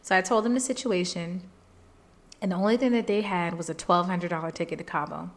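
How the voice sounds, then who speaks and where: A woman podcast host telling a personal story in an earnest, faith-filled way, animated and emotional, jumping up in pitch when she quotes people. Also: brisk. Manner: emotional, animated retelling, jumps high when quoting people.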